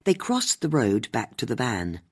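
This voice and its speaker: Husky, expressive audiobook narrator. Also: mid-range voice, unhurried. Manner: expressive, storytelling.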